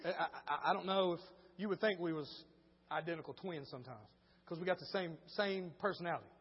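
A male pastor preaching a sermon, moving between quiet storytelling and shouted preaching in casual speech. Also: fairly high pitch, brisk, slightly rough, long reverb tail, muffled recording. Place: church.

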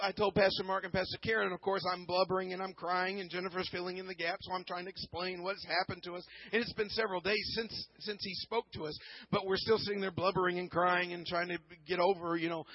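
A man preaching a sermon, telling a personal story earnestly, often repeating words and swinging from hushed to loud. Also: high-pitched, no echo, dull audio. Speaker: pastor.

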